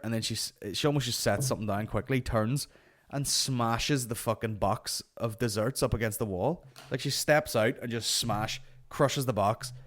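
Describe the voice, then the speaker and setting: A man hosting a comedy podcast, telling a story as a sweary, animated and exasperated rant. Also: medium pitch. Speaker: podcast host.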